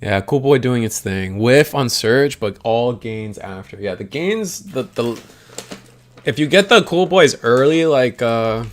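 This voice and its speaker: A man's voice: medium pitch, expressive, a little slow. A young man hosting a stream, giving casual, rambling live commentary on a card game and chatting with viewers in slang. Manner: rambling and slangy, talks to chat.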